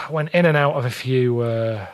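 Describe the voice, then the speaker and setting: Unhurried and mid-range in pitch, this man is an English podcast guest telling a story in casual conversation. His manner is blunt and grumbling, and he acts out the exchanges he quotes.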